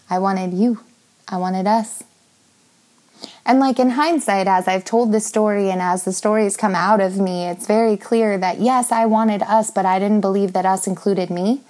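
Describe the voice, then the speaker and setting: A woman's voice: medium pitch, a little mellow. A woman in her thirties telling a personal story in a candid, confessional way, full of fillers and swearing.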